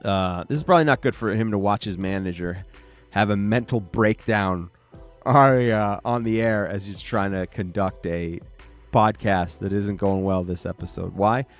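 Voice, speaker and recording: A man's voice: on the low side, normal speed, soft background music. A sleepy man hosting a rambling late-night solo podcast from a small home studio, drifting off topic and ranting at himself. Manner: scattered, self-deprecating ranting. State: tired and sleepy. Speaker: podcast host.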